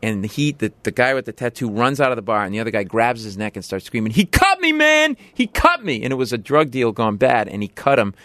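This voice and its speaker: A man's voice: lowish voice, fast talker, few pauses, no echo. A middle-aged man telling a casual story, acting out voices as he goes. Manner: animated, acts out voices in his story.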